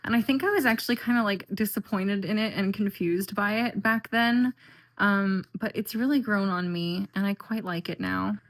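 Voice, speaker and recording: A woman talks through her deck collection like a casual vlog. Her voice sits at an ordinary middle pitch. Her speech rambles, looping back with frequent "like" and "um" as she thinks aloud. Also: normal speed. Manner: chatty and rambling, with frequent fillers and "like". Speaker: tarot and oracle deck vlogger. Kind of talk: casual chat.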